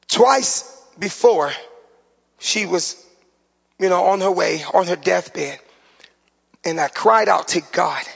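An older man, a pastor, preaching a sermon with emotional pauses and drops into a softer voice on heavy moments. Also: high-pitched. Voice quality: gravelly. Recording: dull sound with long hall reverb.

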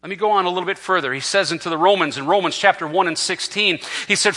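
A man preaching as pastor, swinging from loud emphatic peaks down to low, quiet asides. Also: fast, hardly any pauses, big-room sound. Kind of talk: sermon.

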